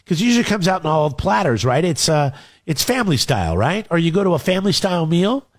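A man's voice: on the high side, very animated, fast talker. A man in casual banter as a co-host, teasing and asking probing questions.

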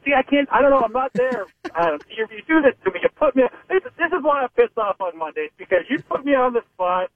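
A man's voice: very high voice, expressive, quick pace, few pauses, no echo. A man from Pittsburgh, a sports reporter calling into a radio show, talking in rambling, hesitant sentences full of restarts. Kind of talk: phone-in sports radio analysis. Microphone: phone. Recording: narrow phone line.

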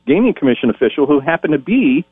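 Over a tinny, phone-like connection, a game show announcer in middle age recounts anecdotes in an interview, voicing each character he quotes with animation. His voice is fairly high and slightly rough, he speaks fast, and there is no echo.

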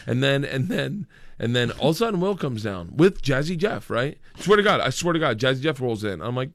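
Laughing, lively comic storyteller man. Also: medium pitch, fairly quick, vocal fry, no room sound. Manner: laughs through his lines, acts out other people's quotes. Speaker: comedian guest telling a story.

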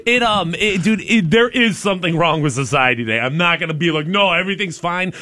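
A man with a fairly high voice, chatting casually as a podcast co-host. He tells stories with energy and acts out his own shouted lines with big jumps in pitch. His delivery is loose and conversational. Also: brisk. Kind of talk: casual chat, storytelling.

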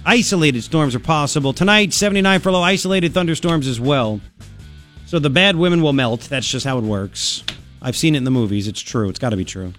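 A man's voice: on the high side, fairly quick, fairly bright tone, faint music behind. A man hosting a talk radio show, delivering a brash, sarcastic, opinionated monologue into a studio microphone.

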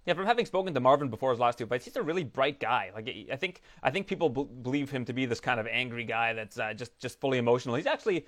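A man's voice: medium pitch, animated, fast, hardly any pauses, fairly bright tone. A man interviewing a fighter, friendly and chatty. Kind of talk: interview questions.

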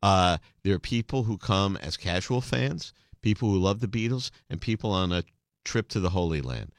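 A middle-aged man hosting a podcast interview, telling stories in a lively way and dropping into accents. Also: low voice, normal speed, no room sound, studio quality. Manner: animated storyteller, slips into accents. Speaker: podcast host. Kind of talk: casual interview chat.

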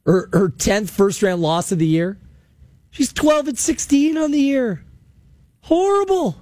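High-voiced, sarcastic radio host man. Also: a little mellow, no echo. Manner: emphatic, sarcastic ranting. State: losing his voice. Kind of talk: call-in sports talk radio. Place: radio studio.

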